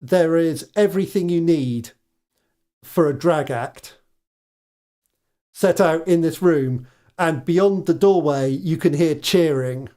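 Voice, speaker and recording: A man running a tabletop game, narrating at an unhurried pace. He stops and starts, searching for words as he describes each scene. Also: a little high, mellow. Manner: hesitant, lots of ums, laughs often. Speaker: game master.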